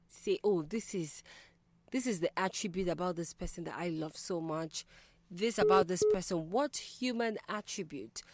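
A woman's voice: fairly low pitch, darkish tone, dry recording. A woman hosting a call-in radio show, talking in a reflective, conversational way and putting questions to her listeners.

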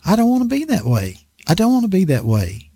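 A man's voice: high-pitched, huge pitch swings, fairly quick, mellow, breathy edge, no echo. A man preaching a conversational Bible sermon in a dry indoor room, self-deprecating and acting out voices as he teaches.

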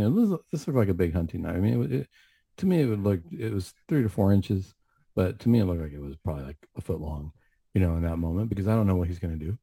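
A man's voice: deep voice, lively intonation, fast, vocal fry, mellow, husky, dry recording. A man who works as a counselor, giving an earnest, reflective faith testimony on a talk show with many asides. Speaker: mental health counselor.

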